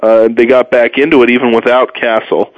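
A man hosting a solo sports talk show, opinionated and rambling, with sudden pitch jumps and a tired edge. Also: level tone, a little fast, no room sound. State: tired, low energy. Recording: dull muffled dry sound.

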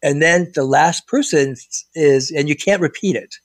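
Male co-host, chatty storyteller, higher register, dry mic. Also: normal speed, dry recording. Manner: animated storyteller, many fillers and restarts. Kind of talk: casual conversation.

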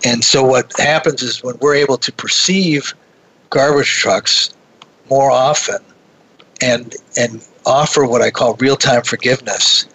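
A man recounting a personal anecdote in casual conversation, his voice gravelly and husky yet bright and forward. He gets animated as he goes, often repeating words and restarting his sentences. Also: mid-range voice, measured pace, low-quality recording. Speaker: guest telling a story. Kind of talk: conversational storytelling.

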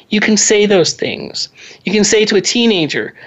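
A woman family counselor talking earnestly about parenting, clearing her throat now and then. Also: medium pitch, sing-song, normal speed, highs cut off. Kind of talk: radio advice talk.

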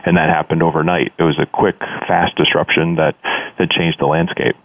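A man's voice: rumbling low, level tone, normal speed, no room sound. A man speaking as a guest on a panel discussion, often repeating words as he thinks. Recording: tinny phone line.

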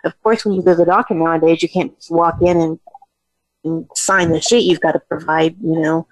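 A woman's voice: sits low, fairly even intonation, fairly quick, no echo, poor audio. A woman chatting casually about family memories, with frequent restarts. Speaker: daughter of the family. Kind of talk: casual reminiscing.

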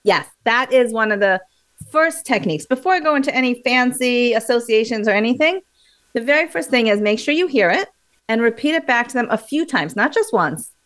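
A woman being interviewed as a memory coach, explaining in a lively, teacherly way and acting out examples. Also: fairly high pitch, a little fast.

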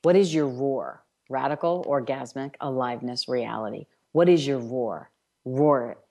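A woman's voice: very deep voice, normal speed, creaky, mellow. A woman from New York hosting a self-help radio show, speaking emphatically with chant-like repetitions.

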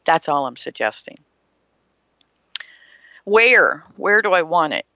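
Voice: medium pitch, big pitch swings, slow, pushed and bright, no room sound. A spiritual teacher giving an emphatic motivational talk, asking rhetorical questions and acting out imagined people. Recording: slightly muffled, dry.

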